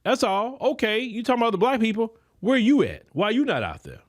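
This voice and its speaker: Animated high-voiced male podcast host. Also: fairly quick. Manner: preachy, emphatic, addresses listeners directly; colloquial, many repeated words. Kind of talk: political commentary monologue.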